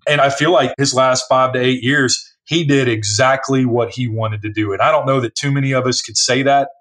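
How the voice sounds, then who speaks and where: Animated storytelling male distiller. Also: medium pitch, a little fast. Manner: animated storyteller, acts out other people's lines. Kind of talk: conversational storytelling.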